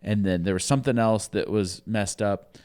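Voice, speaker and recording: A man's voice: fairly low pitch, normal speed, darkish tone, smooth. A man hosting a casual ministry podcast, telling a family story with lots of fillers and restarts. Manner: rambling storyteller with many fillers. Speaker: podcast host. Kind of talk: casual chat.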